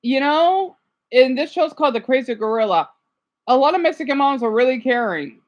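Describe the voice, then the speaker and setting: A woman with a high voice talks through a livestream in a loose, chatty way. She reacts to what she watches and keeps checking in with "right?". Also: animated, fairly quick, highs cut off. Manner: chatty, frequent "right?" tags. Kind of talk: casual reaction commentary.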